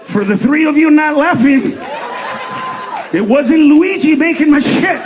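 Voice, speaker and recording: A high-pitched male stand-up comic on a club stage, loud and profane. He jumps into quick character voices. A faint hiss runs under the handheld stage mic. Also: expressive, a crowd in the background. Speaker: stand-up comedian. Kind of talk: stand-up comedy set. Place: comedy club stage before a laughing audience.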